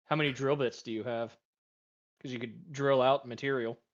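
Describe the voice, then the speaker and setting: Friend on call, male: calm, practical, dry wit, medium voice, dull lo-fi line. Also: medium pitch, normal speed. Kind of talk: casual chat.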